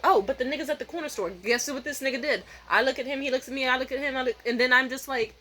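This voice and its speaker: Bright-voiced young woman ranting profanely. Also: on the high side, fast, a little hiss or hum, low-quality recording. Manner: profane, animated storytelling with mimicked voices. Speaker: vlogger. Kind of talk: casual vlog rant. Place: home at night.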